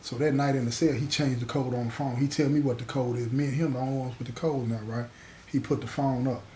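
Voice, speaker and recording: A man's voice: mid-range voice, fast, reverberant, a little hiss or hum. A man hosting a show and telling a prison story in a casual, slangy way, acting out the dialogue. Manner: animated, slangy, acts out dialogue. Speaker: host.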